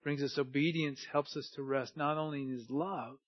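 A man preaching a sermon earnestly, moving between hushed and emphatic delivery, on a dull lo-fi recording. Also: fairly high pitch, steady tone, normal speed, husky, dry recording.

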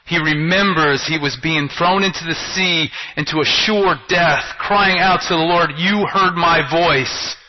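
A pastor preaching a sermon, asking rhetorical questions and swinging between loud and hushed delivery. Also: male voice, a little high, a little slow, hardly any pauses, crowd noise. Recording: dull lo-fi recording.

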